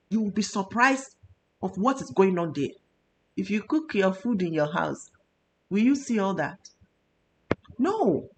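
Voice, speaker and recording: Nigerian woman, nutritionist host, high animated voice, emphatic and passionate. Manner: emotional, emphatic, preachy. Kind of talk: health talk show.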